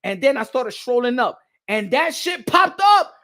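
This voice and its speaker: A man hosting a boxing channel in casual reaction commentary, excitable and profane, laughing often and repeating himself. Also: very high voice, a little slow. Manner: repeats himself, bursts into yelps.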